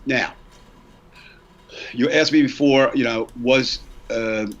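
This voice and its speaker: A man's voice: mid-range voice, steady tone, a little slow, dull audio. A man in his sixties, a podcast co-host, earnestly reading a prepared statement and repeating lines for emphasis. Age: 60s.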